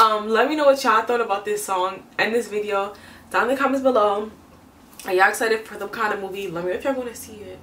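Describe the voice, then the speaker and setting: A young woman hosting a casual music reaction vlog, expressive and emotional, talking straight to her viewers. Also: medium pitch, fast talker. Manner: expressive, emotional, laughs often. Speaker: reaction video host. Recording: echoey room, mic at a distance.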